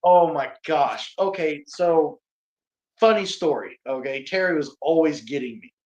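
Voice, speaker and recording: A man, a pro wrestler talking casually as an interview guest, animated and self-mocking, often laughing and restarting his sentences. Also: on the high side, unhurried, dull audio. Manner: frequent repeats and restarts.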